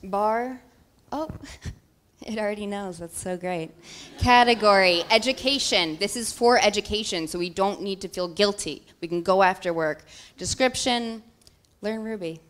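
A woman's voice: mid-range voice, measured pace, fairly bright tone. A woman presenting a coding project at a demo day, playful and joking as she fills in a live demo.

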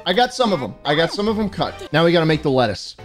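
Sarcastic young man yelling at a game. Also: a little high, very animated, quick pace, soft background music. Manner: sarcastic, bursts into shouting and laughing. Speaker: gaming streamer. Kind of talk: comedic gameplay commentary.

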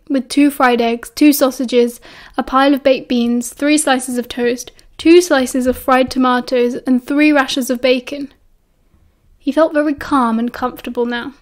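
A British woman reading a novel aloud as an audiobook narrator, in an even storytelling manner. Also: high voice. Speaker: audiobook reader.

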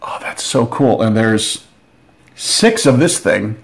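A man hosting a board game channel, giving casual unboxing commentary with excitable, joking asides. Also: fairly low pitch, slow pace, gravelly.

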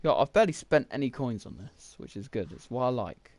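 A man's voice: mid-range voice, big pitch swings, brisk, darkish tone. A young man, rambling through casual gameplay commentary while thinking aloud with lots of fillers. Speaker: gaming YouTuber.

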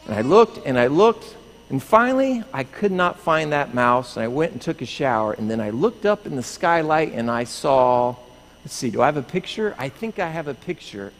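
A middle-aged man with a fairly high, very lively voice tells a children's story in church, playful and animated. His voice rings with a long echo in a large sanctuary, with faint room noise behind. He acts out the story as he tells it. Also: moderate pace. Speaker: pastor giving a children's story.

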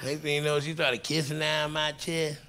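A man performing crude, animated stand-up comedy on stage, shouting punchlines before a live audience. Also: fairly high pitch, moderate pace, slight background noise. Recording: live stand-up with crowd laughter.

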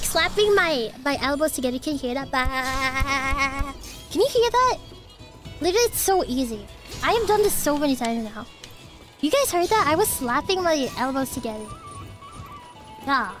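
High-voiced, giggly, sick woman streamer. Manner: giggly, swears a lot, chats with viewers. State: sick, coughing. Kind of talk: casual live-stream chat while gaming. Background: game music.

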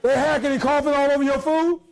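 A man preaching a sermon as pastor, shouting out to his congregation with folksy, joking asides. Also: very high voice, fairly even intonation, quick pace, vocal fry, some chatter behind, rough recording.

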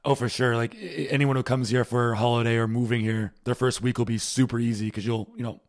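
A man from Rhode Island, a guest in a casual chat who talks quickly and agreeably, with lots of fillers. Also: mid-range voice, steady tone. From Rhode Island, United States. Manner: quick, agreeable, uses fillers like um and you know. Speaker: podcast guest.

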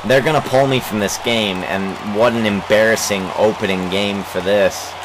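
A young man giving let's play commentary on a baseball game, swearing and shouting in frustration at his team. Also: on the low side, steady tone, moderate pace, crowd noise, background noise. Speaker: gaming channel host.

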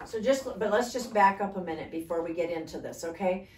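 A woman's voice: fairly low pitch, brisk, darkish tone. A woman co-leading a church Bible study, explaining the passage conversationally and often checking in with "okay?". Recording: echoey room, distant mic.

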